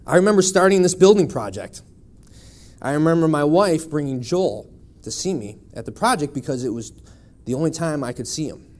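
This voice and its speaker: A man's voice: a little high, animated, brisk, darkish tone. A man in his thirties from Buffalo, New York, giving a personal testimony in church with a wry, conversational storytelling manner. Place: church sanctuary.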